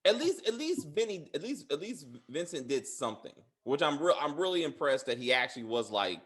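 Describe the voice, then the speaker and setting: A man talks casually as a podcast host, his pitch swinging up and down in a lively way. He rambles, stumbles over his words and fills gaps with lots of ums and uhs. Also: fairly quick, hardly any pauses, husky. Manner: rambling, many fillers and restarts; laughs loudly and high. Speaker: podcast host reviewing a TV series. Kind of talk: casual chat.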